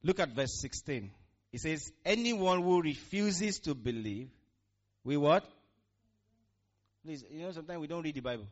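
A man's voice: fairly high pitch, expressive, moderate pace, long pauses. A man preaching a sermon, using call-and-response with the congregation. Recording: muffled lo-fi recording.

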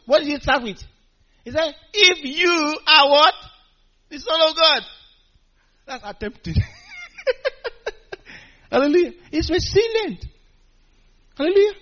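A male preacher with a fairly high voice delivers a sermon with wide, swooping pitch, calling back and forth with the congregation and chuckling between points. The recording sounds dull and lo-fi. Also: husky. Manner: animated, call-and-response with congregation.

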